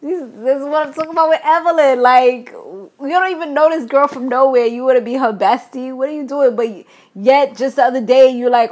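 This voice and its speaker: A young woman, chatting through a reality TV recap in a slightly high voice. She is opinionated and slangy, and she acts out the cast's quotes as she goes. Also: fairly quick, darkish tone. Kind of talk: casual recap commentary.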